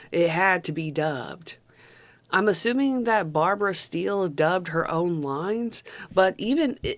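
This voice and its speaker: Woman, young adult, lowish voice; casual vlog-style film reviewer, chatty, self-correcting. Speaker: movie reviewer.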